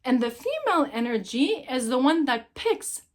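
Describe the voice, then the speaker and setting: A middle-aged woman giving a casual motivational talk about love and dating, telling stories with lively emphasis and repeating points for effect. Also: high voice, normal speed. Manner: animated storyteller, acts out quoted voices, emphatic repetition. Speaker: relationship speaker.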